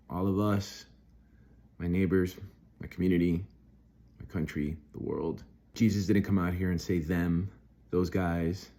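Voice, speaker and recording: A middle-aged man talks through a devotional reflection in a somewhat low voice. He speaks earnestly and off the cuff, with restarts, and his voice climbs when he stresses a point. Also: mellow. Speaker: Christian video host. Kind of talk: devotional monologue.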